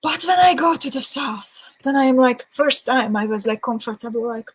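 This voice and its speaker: A woman's voice: sits high, normal speed, husky, low-quality recording. A woman hosting a live beading session in a casual, chatty way. She reads viewer comments aloud and often laughs between them. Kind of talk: casual livestream chat.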